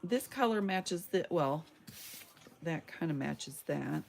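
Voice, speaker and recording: A woman's voice: deep voice, expressive, takes it slowly, gravelly, slight background noise. A woman, chatting to viewers and muttering to herself as she crafts in her home loft. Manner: chatty, talks to herself while working. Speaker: crafting livestreamer. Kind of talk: casual crafting chat to viewers.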